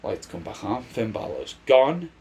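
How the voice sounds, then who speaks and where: A man's voice: lowish voice, wildly swooping pitch, a little slow, darkish tone, breathy edge. A man giving casual, rambling wrestling predictions on his vlog, often restarting his sentences. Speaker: wrestling commentator.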